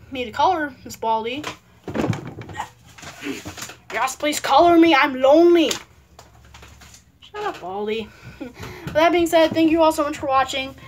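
Chatty and playful, a woman narrates a casual paper-craft how-to from her home and wanders into rambling asides. Her voice sits high, with a little hiss or hum in the recording.

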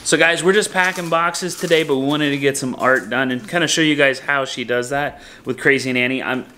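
Cheerful short cues, repeated again and again, help a girl through a painting activity as her father films a home vlog indoors. His medium-pitched voice stays steady in tone, brisk, pushed and bright, on a low-quality recording.

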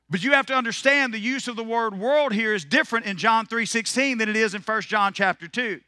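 A man preaching a sermon as pastor, animated and joking, swinging from loud declarations into quiet asides. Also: very high-pitched, dry recording, studio quality. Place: church sanctuary.

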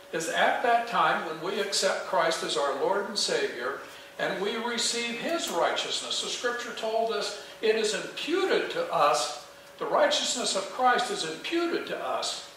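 Pastor guy preaching, bright tense voice, big echoey small-church room, kinda far from the mic. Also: sits high, a little hiss or hum. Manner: earnest, emphatic preaching with rhetorical questions. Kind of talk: sermon. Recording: echoey church heard from a distance.

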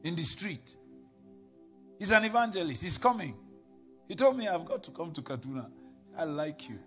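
A Nigerian pastor preaching a sermon, telling stories and quoting people in put-on voices, building to laughing shouts. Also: male voice, a little high, big pitch swings, moderate pace, faint music behind.

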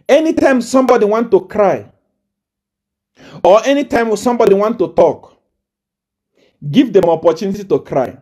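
A man's voice: sits high, darkish tone. A man from Zambia, delivering a live-streamed political rant in a mocking, taunting way, laughing often and hammering on repeated phrases.

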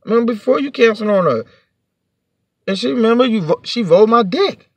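A man's voice: very high voice, animated, a little fast, breathy edge, dry recording. A man telling a storytime to his vlog audience in a heated, profane, rambling rant, sitting a bit back from the mic.

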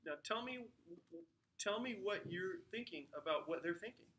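A man giving an informal lecture, telling stories with jokes and asides in an animated way. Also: high voice, normal speed, distant mic, a little hiss or hum. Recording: echoey room, mic from afar.

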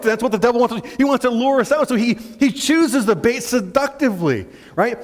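A male pastor preaching a sermon in an animated way, acting out little scenes and often checking in with "right?". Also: very high voice, a little fast. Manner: animated, acts out scenes, keeps asking "right?". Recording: long church-hall reverb.

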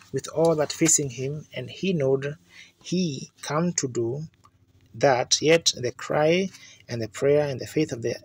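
A man's voice: mid-range voice, a little mellow, slightly rough. A man preaching a sermon in fervent storytelling style, building to emphatic outbursts. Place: church meeting.

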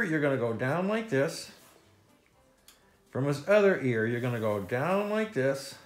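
A man leading a kids' step-by-step drawing lesson, playful and jokey, with silly sound effects. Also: mid-range voice. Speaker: children's drawing instructor.

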